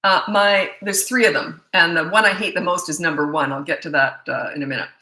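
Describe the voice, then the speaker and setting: A woman's voice: on the low side, brisk, pushed and bright, roomy sound, slight background noise, rough recording. Blunt, emphatic woman parenting coach. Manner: blunt, emphatic, with many restarts. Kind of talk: live Q&A, answering viewer questions.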